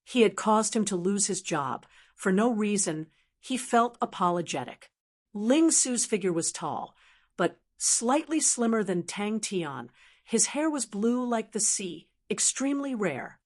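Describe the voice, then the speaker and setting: A woman reading a fantasy novel aloud as an audiobook narrator, in a steady, even storytelling voice. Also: mid-range voice, unhurried.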